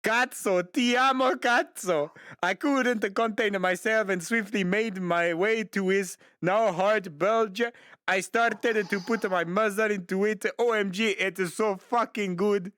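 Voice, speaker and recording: A man hosting a show, reading a listener confession aloud for laughs in a deadpan way, with mock-Italian exclamations. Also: sits high, a little slow, no room sound, clean studio sound. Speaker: show host.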